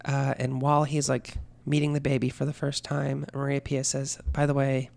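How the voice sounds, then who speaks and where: Gravelly casual storyteller man. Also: mid-range voice, completely flat delivery, normal speed, darkish tone. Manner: conversational, acts out quoted lines, swears freely. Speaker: podcast co-host telling a story.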